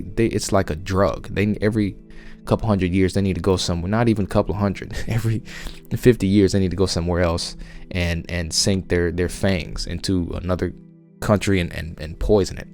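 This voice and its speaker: A man's voice: low voice, a little mellow. A man with a Southern US accent giving an emphatic, conversational Bible teaching as a podcast host. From United States. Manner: emphatic, insistent, frequent restarts.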